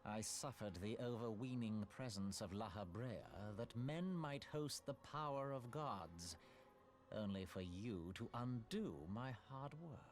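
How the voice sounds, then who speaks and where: A man's voice: mid-range voice, expressive, a little slow, natural voice. A man voicing a smug, scheming male immortal villain in a game, speaking in a mocking, theatrical manner. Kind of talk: game voice acting.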